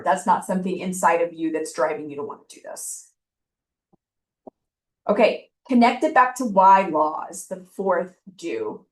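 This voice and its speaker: A woman giving informal admissions advice in a chatty way, with frequent fillers. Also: mid-range voice. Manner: chatty, with frequent ums and likes. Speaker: law school admissions speaker. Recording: echoey room, voice from a distance.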